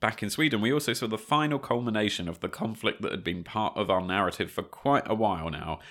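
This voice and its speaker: A man's voice: fairly low pitch, fast, a bit bright. A man co-hosting a history podcast from home, moving between easygoing chat and narration. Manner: easygoing, with frequent fillers. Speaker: podcast co-host. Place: home flat.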